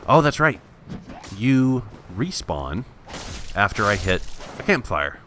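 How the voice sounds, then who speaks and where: A man's voice: lowish voice, very animated, slow, pushed and bright, a little hiss or hum. A man thinking aloud in wry, self-mocking let's play commentary, restarting his sentences often. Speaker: gameplay commentator.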